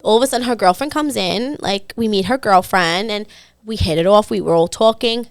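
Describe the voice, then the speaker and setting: A woman's voice: medium pitch, no echo, studio quality. A young woman from Staten Island, telling a dating story on a podcast and acting out the people in it. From Staten Island, New York. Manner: animated, acts out the people in her story with quick voice shifts. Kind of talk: casual storytime chat.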